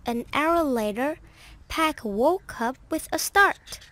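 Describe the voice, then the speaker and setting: A woman reading a children's story aloud in a careful, slow delivery. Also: high-pitched, animated, pushed and bright, no room sound.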